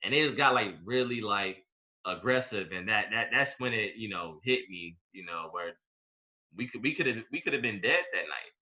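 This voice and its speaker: A young man co-hosting a podcast, telling a story in casual chat with laid-back slang, going quiet at its serious parts. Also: fairly low pitch, lively intonation, normal speed, highs cut off. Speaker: podcast co-host.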